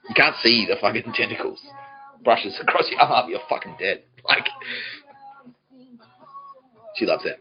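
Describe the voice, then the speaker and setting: A man with a lowish voice rambles through a comedic podcast monologue, swearing freely and breaking into laughter between phrases. The recording is dull and lo-fi, with faint music underneath. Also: expressive, a little slow, pauses often. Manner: profane, rambling, often laughing mid-sentence. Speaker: podcast host.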